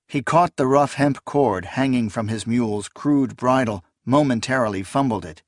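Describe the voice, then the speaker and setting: A man narrating a fantasy novel in an audiobook with measured, even storytelling. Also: mid-range voice, no room sound, clean studio sound.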